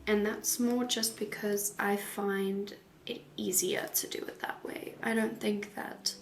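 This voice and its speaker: A woman tattoo artist giving casual, rambling voice-over commentary, often soft and half-whispered, with giggles. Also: mid-range voice, level tone, slow.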